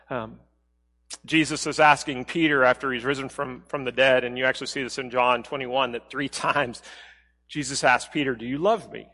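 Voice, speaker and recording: Conversational preacher in a reverberant hall. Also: male voice. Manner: conversational preaching, drops to a soft low voice for quoted words. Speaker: pastor. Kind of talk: sermon.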